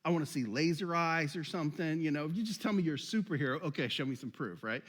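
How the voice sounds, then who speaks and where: A man's voice: fairly high pitch, quick pace, fairly bright tone, big-room sound. A man preaching a casual sermon, joking and laughing often, with many restarts. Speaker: pastor. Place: church hall.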